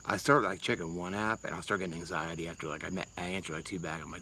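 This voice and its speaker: A man's voice: deep voice, animated, quick pace, fairly bright tone, husky, low-quality recording. Rambling, swearing man. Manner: rambling, profane, laid-back. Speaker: livestreamer answering chat. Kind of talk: rambling casual livestream talk.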